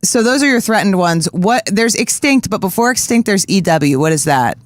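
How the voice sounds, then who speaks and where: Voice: medium pitch, animated, normal speed. A podcast co-host in a casual morning livestream chat, giggly, crude and rambling.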